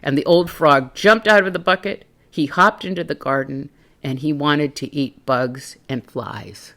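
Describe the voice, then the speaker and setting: A woman storyteller reading a children's picture book aloud in an expressive, animated way. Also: sits low, measured pace.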